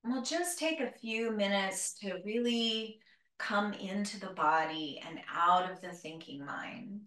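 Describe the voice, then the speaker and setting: A woman guides a live yoga class with calm, gentle cues, a little out of breath. Her voice sits at a middle pitch and is picked up from some distance away. The room around her rings with echo. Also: a little slow. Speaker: yoga teacher. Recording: roomy, from a distance.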